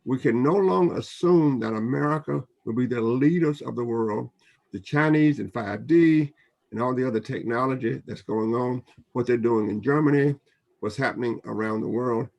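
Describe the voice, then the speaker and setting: Older guy w a gravelly husky voice, rambles and repeats himself, panel chat. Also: medium pitch, moderate pace, a little mellow, dull audio. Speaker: professor. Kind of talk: roundtable discussion.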